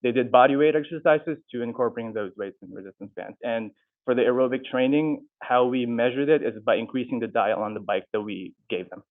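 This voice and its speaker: A young man, a student, answering audience questions after his talk, halting and often restarting his sentences. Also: medium pitch. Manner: halting, restarts and corrects himself. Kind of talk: unscripted Q&A answers. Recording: tinny, phone-like sound.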